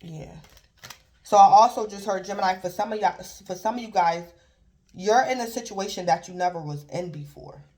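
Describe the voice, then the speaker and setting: A woman with a mid-range, slightly mellow voice at normal speed does a laid-back tarot reading. Repetitive and rambling, she fills pauses with "like" and chuckles and briefly impersonates imagined callers.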